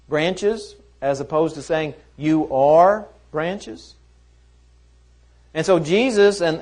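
A man teaching a Bible lesson in a conversational way, often asking rhetorical questions. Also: a little high.

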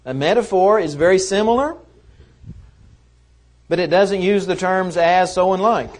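A man's voice: high-pitched, unhurried. A man teaching a Bible lesson in a conversational way, often asking rhetorical questions.

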